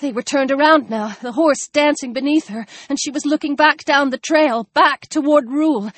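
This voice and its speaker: A woman's voice: high-pitched, normal speed, dry recording. Woman narrating an audiobook, dry close sound.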